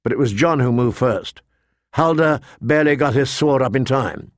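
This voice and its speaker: A man narrating a fantasy novel in a measured, steady storytelling voice. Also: mid-range voice, no room sound, clean studio sound. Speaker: audiobook narrator.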